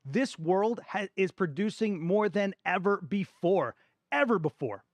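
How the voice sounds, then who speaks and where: A middle-aged man hosting a live photography Q&A stream, talking passionately and emphatically, repeating words for stress, his voice going a bit hoarse. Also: high voice, lively intonation, a little slow, no room sound. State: voice getting hoarse. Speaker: photography channel host. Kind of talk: live Q&A stream, opinion rant.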